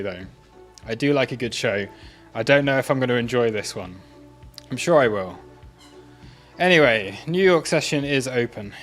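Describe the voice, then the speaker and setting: Chatty man streaming live. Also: mid-range voice. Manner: chatty, self-amused, laughs often. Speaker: livestream trading host. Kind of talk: casual live-stream chat.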